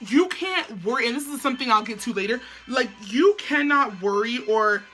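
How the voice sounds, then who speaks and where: Bright-voiced chatty young woman vlogging. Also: a little high, expressive, moderate pace, soft background music. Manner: chatty, slangy, peppered with "like". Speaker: beauty vlogger. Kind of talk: casual chat to camera.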